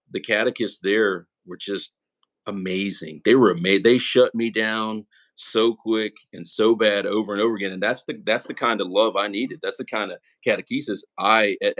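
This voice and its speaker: This young man, on the low side in pitch with a fairly bright tone, talks at a moderate pace as an interview guest. He tells his story casually and earnestly, with feeling, regularly saying "man" and "right?"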